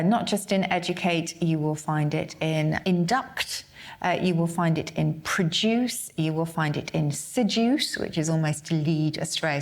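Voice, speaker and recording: An English woman co-hosts a podcast and explains word origins in a fluent, easy way. Her voice sits fairly low for a woman. She talks with the calm assurance of an expert.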